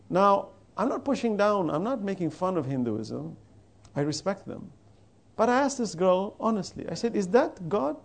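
A man giving a religious lecture, telling stories with quoted dialogue and quickly chanting Arabic verses. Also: high-pitched, vocal fry. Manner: animated storytelling, quoting dialogue. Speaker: Islamic preacher.

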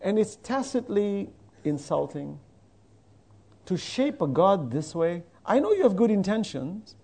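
A male preacher with a high, very lively voice that rises and falls as he tells stories and acts out dialogue. He breaks into rapid chanted Arabic verses between plain explanations. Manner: animated storytelling, quoting dialogue. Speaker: Islamic preacher. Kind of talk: religious lecture with recited verses.

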